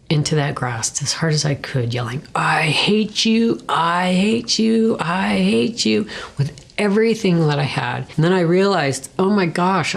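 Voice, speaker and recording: In a low-pitched, darkish voice, a middle-aged guest tells her personal story as testimony, in a conversational way. Earnest and emotional, she reenacts things she and others said, pausing and occasionally lowering to a whisper.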